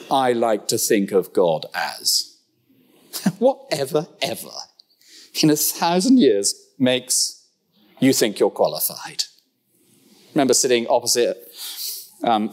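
Animated preacher, wry humor. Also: male voice, medium pitch. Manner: animated and humorous, with rhetorical questions. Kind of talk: sermon. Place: church.

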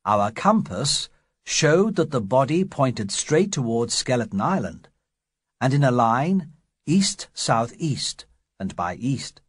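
A man reading an adventure story aloud as narrator, slowly and clearly for English learners. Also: mid-range voice, very animated, no room sound, clean studio sound. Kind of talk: scripted audiobook narration.

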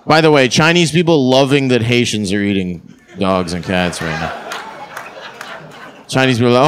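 A man's voice: mid-range voice, normal speed, pauses often, some chatter behind, a little hiss or hum. A man performing a crude, brash stand-up comedy set on a theatre stage. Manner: crude, brash punchline delivery.

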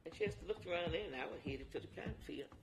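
Brief: older woman, rough gravelly tone, plain testimony in dialect. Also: on the low side, animated, racing. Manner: dialect speech with emphatic repetition. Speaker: interviewee. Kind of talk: personal testimony. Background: music.

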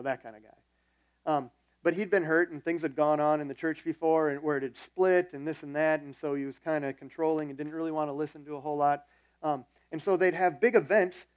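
A man's voice: a little high, darkish tone, dry recording. A man preaching a sermon as the church's pastor, telling a personal story in a conversational, self-deprecating way.

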